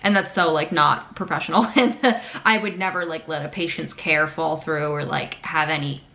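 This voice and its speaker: A young woman talks straight to camera in a casual confessional chat. She is frank and animated, drops curse words freely, and acts out the things other people said to her. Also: low voice, normal speed, vocal fry. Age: 20s. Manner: candid, animated, swears freely, acts out quotes. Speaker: vlogger; patient navigator.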